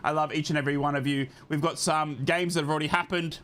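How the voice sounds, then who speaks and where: A man's voice: on the high side, fairly even intonation, fast talker, fairly bright tone. A man hosting a live football watchalong, reading out the lineups and greeting chat viewers by name in an upbeat, chatty way. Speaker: host of a football watchalong stream.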